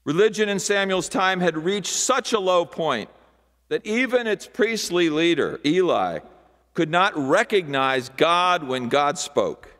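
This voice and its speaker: Male pastor preaching, slightly high voice, long church echo. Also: expressive. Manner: slow, deliberate preaching with dramatic pauses and hushed asides. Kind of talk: sermon. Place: large church sanctuary. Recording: long hall reverb.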